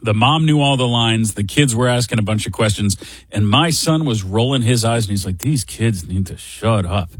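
Man, middle-aged, husky, dry close sound, chatty and wry host. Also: mid-range voice, brisk, no room sound. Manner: chatty, wry and self-deprecating. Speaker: radio show host. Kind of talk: casual storytelling chat.

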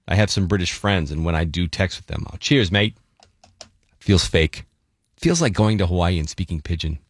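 A man hosts a morning radio show in a playful, chatty way full of quick asides. His voice sits low. The studio mic sounds dry and close. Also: lively intonation, no echo. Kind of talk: casual radio chat. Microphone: studio microphone.

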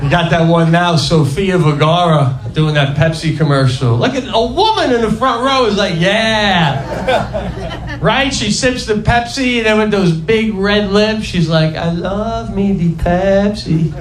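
A man's voice: high voice, animated, normal speed, hardly any pauses, crowd noise. A man doing a brash, conversational stand-up routine. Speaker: stand-up comedian. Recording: echoey live room with noise.

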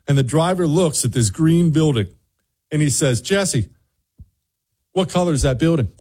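A man's voice: a little high, moderate pace, darkish tone, slightly rough. A man hosting a show, telling a casual vacation story and mimicking other people in raised voices. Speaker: radio show host.

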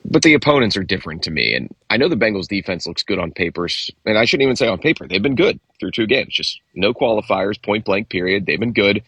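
Low husky-voiced man talking football. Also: sing-song, fairly bright tone, no room sound. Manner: halting, many restarts and fillers. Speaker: sports radio co-host. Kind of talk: casual sports talk.

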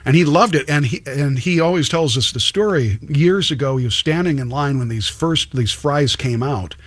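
A man's voice: on the high side, normal speed, no room sound. A man hosting a talk show, chatting casually and telling stories with plenty of restarts. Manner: chatty, storytelling, many restarts. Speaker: radio show host.

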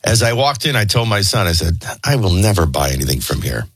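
Bright, husky-voiced male radio host. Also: low-pitched, sing-song, fairly quick, no room sound. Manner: chatty, joking, drifts from news to anecdotes. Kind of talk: casual talk radio banter.

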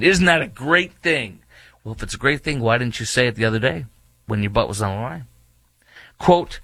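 A man's voice: mid-range voice, very animated, moderate pace, vocal fry, a bit bright, husky, no room sound. A man hosting opinionated political commentary, reading quotes aloud and rebutting them with mocking indignation.

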